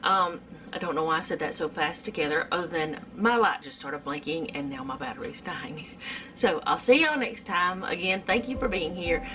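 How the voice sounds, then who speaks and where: Chatty middle-aged woman, lower voice. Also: expressive, moderate pace, sharp tone, a little hiss or hum. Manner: rambling, chatty, many fillers. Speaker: home cooking vlogger. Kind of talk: casual cooking vlog chat. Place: home kitchen.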